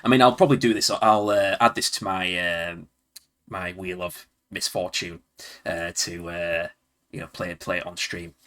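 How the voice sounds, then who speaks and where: Here the Yorkshire-accented streamer from Leeds has a deep, steady voice with a sharp tone, speaking at normal speed. He plays old games on a casual live stream, rambling, chuckling and chatting to himself.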